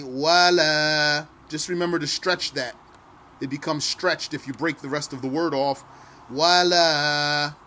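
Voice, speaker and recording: A man teaching recitation, explaining slowly in plain speech and then chanting verses with long, drawn-out vowels. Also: a little high, a bit bright.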